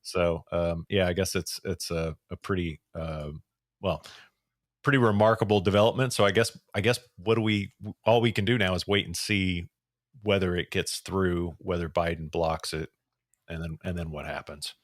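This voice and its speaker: A man hosting a casual news podcast, his voice rough from recent illness, rambling with many restarts. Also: low-pitched, fairly even intonation, normal speed, no room sound, clean studio sound. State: voice deeper and rough after illness. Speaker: podcast host.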